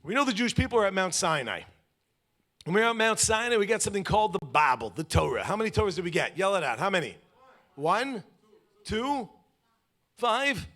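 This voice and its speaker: A man with a slightly high voice gives a lively class to a live crowd. He moves around the room at the mic, quizzes the audience and plays out little scenes to make his points. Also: fairly quick, pauses often. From lives in Israel. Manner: animated, asks the audience questions, acts out little scenes.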